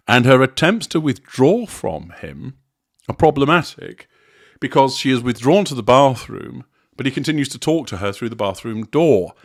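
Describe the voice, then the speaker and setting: A man giving a measured, deliberate analytical commentary, explaining a recorded interaction step by step. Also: lowish voice, no echo, clean studio sound. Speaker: commentator on narcissism.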